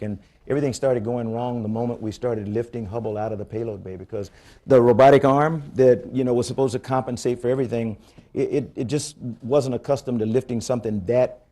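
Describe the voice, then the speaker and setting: The voice is an older man's, mid-range and warm, answering audience questions at a public forum. He heads a space agency and speaks in a conference room, giving conversational Q&A responses. He is candid and blunt, with stories marked by frequent restarts.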